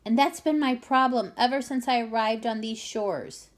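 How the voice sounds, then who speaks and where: A woman voicing a polite, gentle female giraffe in a storybook reading. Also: a little high, normal speed, natural voice.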